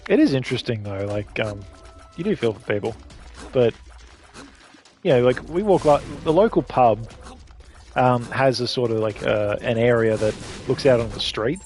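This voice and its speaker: Australian man, gaming streamer, casual chat, rambling, swears a lot, middle-pitched voice. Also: expressive, moderate pace, darkish tone, soft background music. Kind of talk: casual chat while playing a game.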